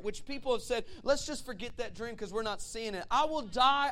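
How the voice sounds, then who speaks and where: High-voiced preaching man. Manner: animated storytelling, rising to shouts. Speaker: pastor. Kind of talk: sermon.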